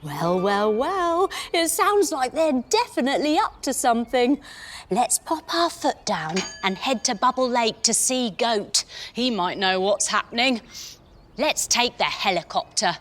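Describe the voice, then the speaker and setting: A woman's voice: a little high, big pitch swings, a little slow, soft background music. A woman in her thirties leading a children's yoga story, playful and sing-song, with gasps and sound effects. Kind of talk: storytelling yoga lesson for kids.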